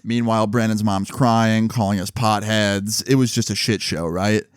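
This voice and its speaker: A man telling a story in a casual storytime vlog, animated and full of swearing and fillers. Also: fairly low pitch, moderate pace, clear, resonant tone, dry recording, studio quality.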